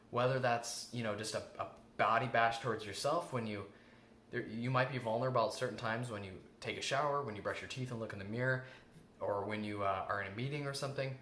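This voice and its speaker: A man's voice: medium pitch, pushed and bright. A man giving a self-help coaching talk, earnest, repeating his key phrases and acting out the self-talk he quotes. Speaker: host. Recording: echoey room with faint ambient noise.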